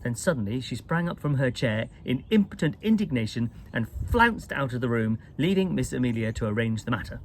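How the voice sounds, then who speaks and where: A man reading a children's storybook aloud in an expressive, lively way. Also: medium pitch, a little fast, few pauses, a little hiss or hum, low-quality recording. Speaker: storybook reader.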